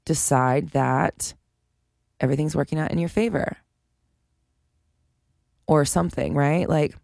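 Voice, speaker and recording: A woman's voice: sits low, a little slow, vocal fry, darkish tone, no room sound, clean studio sound. A woman hosting a solo podcast, talking frankly and chattily, swearing now and then and laughing between points. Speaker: podcast host. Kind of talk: casual solo podcast monologue.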